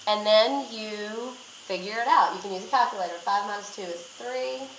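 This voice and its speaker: A woman's voice: medium pitch, moderate pace, fairly bright tone. A woman teacher talking through a recorded math lesson step by step, repeating key points. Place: classroom. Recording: echoey room, faint noise.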